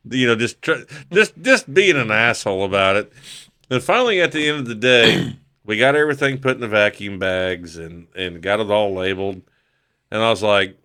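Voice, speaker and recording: A man's voice: on the low side, moderate pace, smooth. A middle-aged man telling a story casually on a podcast, swearing freely and acting out the voices of the people in it. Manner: profane, animated, acts out quoted voices. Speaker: podcast guest.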